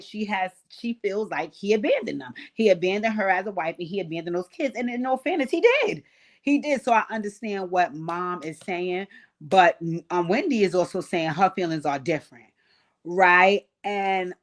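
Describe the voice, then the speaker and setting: Sassy, blunt woman recapping reality TV. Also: lowish voice. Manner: sassy, blunt, profane, animated asides. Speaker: commentary channel host.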